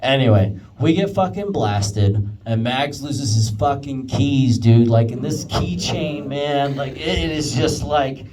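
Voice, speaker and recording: A man's voice: mid-range voice, takes it slowly, few pauses, recorded from a distance, a crowd in the background, low-quality recording. A man giving a rambling roast toast to a friend, full of swearing, "like" and "dude". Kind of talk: casual storytelling toast.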